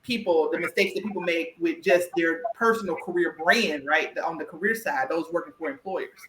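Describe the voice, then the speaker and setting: A woman with a Southern US country twang, hosting a podcast conversation in an animated, emphatic way that often checks in with "right?". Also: lowish voice, a little fast, roomy sound, slight background noise. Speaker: podcast host and career coach.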